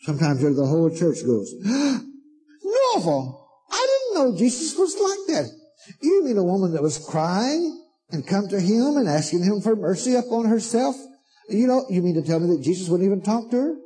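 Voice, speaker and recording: A man preaching with emphatic, repetitive delivery, stretching out words as he reads scripture. His voice sits a little high but sounds dark and husky. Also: big pitch swings. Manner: emphatic, repetitive, drawn-out preaching with sudden asides. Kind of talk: sermon reading and preaching on scripture.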